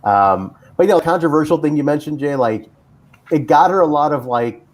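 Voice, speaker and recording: A man's voice: a little high, expressive, normal speed. A man hosting a casual chat show, rambling with lots of fillers and restarts. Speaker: podcast host.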